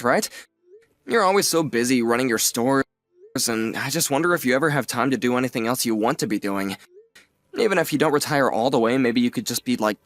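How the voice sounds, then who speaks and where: An actor voicing a young adult nephew who is earnest, apologetic and a bit sheepish. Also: male voice, mid-range voice, close to an everyday voice. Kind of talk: audio drama acting.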